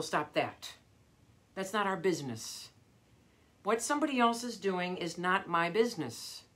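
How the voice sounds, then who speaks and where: A woman's voice: on the low side, fairly bright tone. A middle-aged woman vocal coach giving a live motivational talk, earnest and emphatic, repeating her key phrases.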